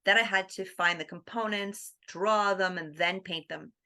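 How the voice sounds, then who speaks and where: A woman guest on an interview podcast, telling her story in a lively, animated way. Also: mid-range voice, moderate pace. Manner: animated, acts out quoted dialogue with laughs.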